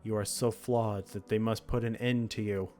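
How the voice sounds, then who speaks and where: A man reading the lines of a cold, judging entity made of many hands, in slow, solemn pronouncements. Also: on the low side, fairly even intonation, darkish tone, soft background music, natural voice.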